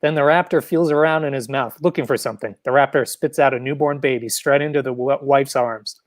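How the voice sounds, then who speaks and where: A man reading the stage directions of his own comedy sketch in a deadpan way. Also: mid-range voice, brisk, no room sound.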